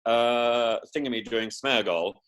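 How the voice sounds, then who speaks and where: Male guest, mid pitch, lively and theatrical, stumbling restarts. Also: unhurried. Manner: animated, theatrical, breaks into put-on voices; stumbles and repeats words while thinking. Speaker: podcast guest, professor and former politician. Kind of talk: casual interview chat.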